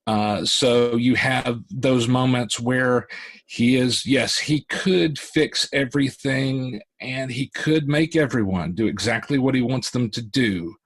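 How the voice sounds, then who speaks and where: A man talks through his ideas on an online panel, circling and restarting with lots of fillers as he thinks aloud. His voice sits at a middle pitch, and the sound is a plain video-call recording. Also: slow. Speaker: author on a panel. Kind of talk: casual panel discussion.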